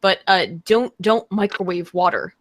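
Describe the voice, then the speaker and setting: A woman's voice: medium pitch, fairly even intonation, normal speed. A woman hosting a casual chat stream, emphatic and swearing freely. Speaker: stream host.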